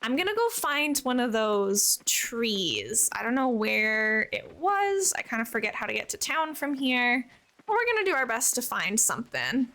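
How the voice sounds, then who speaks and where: A woman's voice: fairly high pitch, very animated, normal speed, bright, forceful tone. A young woman chatting casually as a live streamer while playing, bubbly and talkative, answering her viewers.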